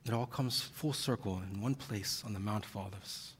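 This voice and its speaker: A man's voice: lowish voice, normal speed, slight background noise. A male pastor preaching an earnest, heavy-hearted sermon, audibly emotional at times. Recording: long reverb of a large hall.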